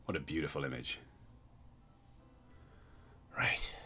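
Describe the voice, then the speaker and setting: A man's voice: sits low, very animated, moderate pace, a bit bright, breathy edge. A young man hosting a livestream, reading aloud and thanking donors in a wry, sweary way. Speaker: livestream host. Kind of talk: casual livestream commentary.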